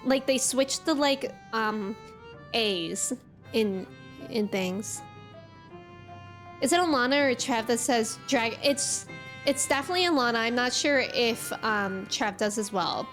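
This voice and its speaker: A woman's voice: fairly high pitch, measured pace, a bit bright, soft background music. A young woman streaming a game, chatting casually, reading chat messages aloud and reacting to them.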